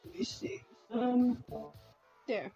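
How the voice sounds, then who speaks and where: Giggly high-voiced woman streamer. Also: slow, dark tone, lo-fi sound, soft background music. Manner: giggly and bubbly, laughs often; flustered and self-deprecating. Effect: robot voice filter. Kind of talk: casual live-stream chat.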